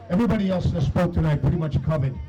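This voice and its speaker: A man giving a shouted, emphatic and profane speech to a crowd at an outdoor protest. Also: fairly high pitch, rough recording. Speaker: protest speaker. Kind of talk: rally speech.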